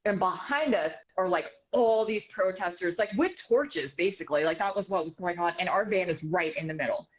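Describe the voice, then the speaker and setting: A woman from the United States, a news reporter and author, telling an animated story as an interview guest, quick and full of fillers. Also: on the low side. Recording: slightly dull, muffled sound.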